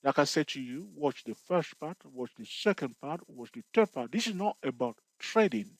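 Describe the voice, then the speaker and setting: A man teaching investing with a slightly high, very animated voice that rises and falls a lot. He keeps checking in with "okay" and "all right" and jokes with the viewer. The sound is dry and close. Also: moderate pace, dry recording, poor audio. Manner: repetitive, peppers talk with "okay" and "all right". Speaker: investing tutor. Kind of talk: casual spoken tutorial.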